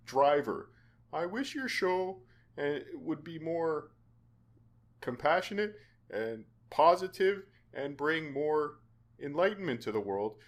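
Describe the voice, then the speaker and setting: A man hosting his own podcast, talking in an earnest, halting way with frequent restarts. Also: on the high side. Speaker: podcast host. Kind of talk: casual podcast chat.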